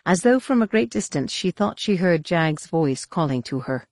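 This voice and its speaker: Woman audiobook narrator with a low-set voice, measured and expressive, on a dry, close mic. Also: no echo. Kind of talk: scripted narration.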